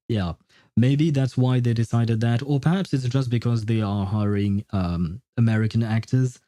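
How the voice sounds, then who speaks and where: A man's voice: on the low side, dark tone, no room sound, clean studio sound. A man from France, chatting casually on a game livestream, answering viewers with frequent chuckles and lots of hesitant fillers.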